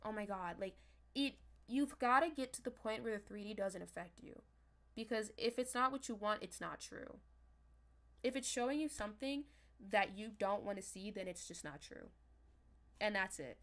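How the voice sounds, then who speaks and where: A young woman chatting casually on a livestream as a manifestation coach, talking straight to her viewers in a loose, animated way. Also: mid-range voice, moderate pace. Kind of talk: casual livestream talk to chat.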